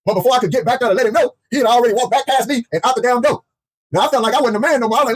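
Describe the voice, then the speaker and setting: A man telling a comedic personal story in an animated, profane way, repeating himself often. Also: sits high, rapid-fire, slightly rough. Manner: animated, profane, heavily repetitive.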